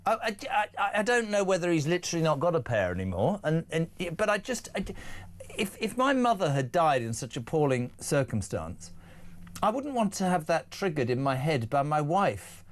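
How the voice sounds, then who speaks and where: Male talk host, slightly high, teasing, halting restarts. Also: sing-song. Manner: stammering, teasing, restarts often. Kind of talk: casual chat.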